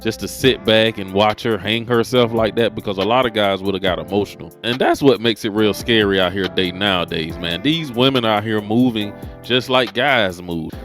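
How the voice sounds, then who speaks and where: A man's voice: lowish voice, fairly bright tone. A man hosting a reaction video, commenting on dating in a lecturing, matter-of-fact tone. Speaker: reaction channel host.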